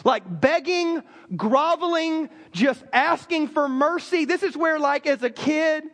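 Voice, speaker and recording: High-voiced preacher in a reverberant hall. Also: male voice, measured pace. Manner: conversational, animated storytelling with many fillers. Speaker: pastor. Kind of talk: sermon.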